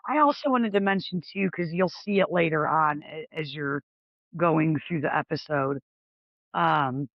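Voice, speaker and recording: A co-host chimes in with measured, slightly hesitant remarks at a middle pitch. The recording is dry and a little dull, as if from a plain mic with muted highs. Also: no echo. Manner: thoughtful, hesitant with ums. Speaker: podcast co-host. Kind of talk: casual conversation.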